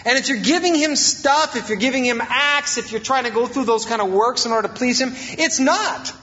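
A man's voice: extremely high pitch, brisk, bright, forceful tone, muffled recording. A male pastor preaching a sermon, emphatic and repeating his key phrases.

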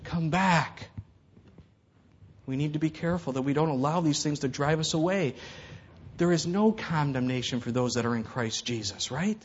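A man's voice: fairly high pitch, a little fast, husky, muffled recording. A man preaching a conversational sermon, acting out the voices in Bible stories. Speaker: pastor.

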